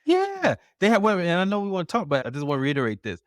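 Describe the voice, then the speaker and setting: A man co-hosting a casual pop culture podcast, animated and laughing often. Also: high voice, rapid-fire, no echo, studio quality. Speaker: podcast co-host.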